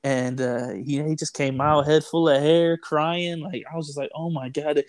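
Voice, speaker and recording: A man's voice: a little high, fairly even intonation, moderate pace, no room sound. A young man telling a story in casual chat, rambling with lots of "like", "dude" and "bro". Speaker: storyteller guest.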